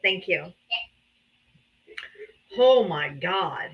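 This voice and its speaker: A woman's voice: lowish voice, lively intonation, drawn-out words, highs cut off. A woman hosting a live political debate stream, teasing her callers and laughing often. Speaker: livestream debate host. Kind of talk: casual livestream talk. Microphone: streaming setup.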